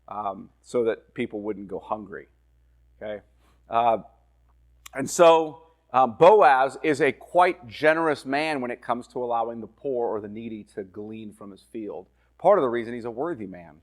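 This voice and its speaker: A male pastor teaching through a Bible passage in a conversational way, reading verses aloud slowly and then explaining them while often checking in with "right?" and "okay?". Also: medium pitch. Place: church.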